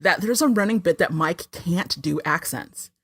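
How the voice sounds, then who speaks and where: A woman's voice: on the low side, normal speed, a bit bright, husky, dry recording. A woman hosting a podcast, chatting and recapping an episode with a lot of laughter. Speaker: podcast host. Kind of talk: casual podcast chat.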